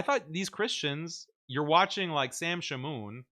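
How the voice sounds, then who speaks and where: A man hosting a casual commentary show, excitedly reacting and mocking quotes in a raised voice. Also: fairly high pitch, a little slow, few pauses. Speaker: host. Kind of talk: casual commentary on a debate clip.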